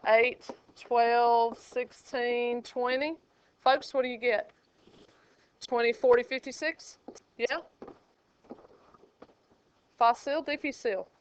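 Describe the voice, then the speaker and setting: A woman's voice: on the high side, flat delivery, slow, smooth. A woman math teacher, teaching a classroom and joking with her students. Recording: dull lo-fi classroom recording.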